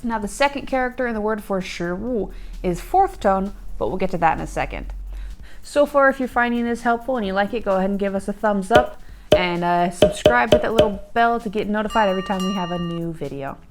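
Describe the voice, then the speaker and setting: A woman's voice: medium pitch, lively intonation, a little fast, faint music behind. Chatty woman explaining a language lesson. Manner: chatty, with fillers, glances at notes. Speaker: host and language learner.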